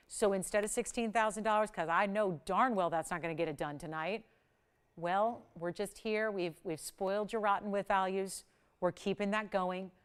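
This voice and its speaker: A woman presents jewelry on a live TV shopping channel, gushing over each piece and pushing viewers to call in. Her voice is smooth and clear, sitting at an ordinary pitch for a woman. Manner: effusive, gushing, urgent selling. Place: TV studio.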